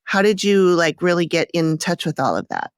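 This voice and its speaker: A woman with a lowish voice hosts a relaxed interview, laughing easily and circling around her questions. The sound is dry and close. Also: smooth, no echo. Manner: laughs often, loose halting questions. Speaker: podcast host. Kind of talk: casual interview chat.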